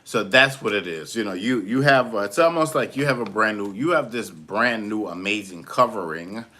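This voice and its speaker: A man's voice: fairly low pitch, moderate pace, sharp tone. A young man giving a casual, rambling spiritual pep talk, full of fillers and restarts, acting out little voices. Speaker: motivational speaker.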